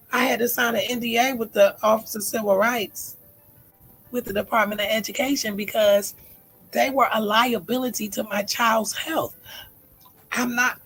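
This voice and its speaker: A woman in her forties speaks frankly and emotionally to her viewers as host of her own vlog. Her voice sits high and has a rough, gravelly grain, and she breaks into laughter now and then. Soft music plays faintly behind her. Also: poor audio. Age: 40s. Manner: emotional, heartfelt, with laughing asides. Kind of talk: candid personal vlog talk.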